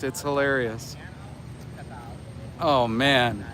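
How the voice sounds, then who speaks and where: A man's voice: sits high, a little slow, bright, forceful tone, slight background noise. Sarcastic man livestreaming outdoors. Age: 40s. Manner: sarcastic, scolding, talks back to chat. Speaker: livestreaming activist. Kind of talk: livestream chat with viewers. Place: outdoors near a slaughterhouse by homes.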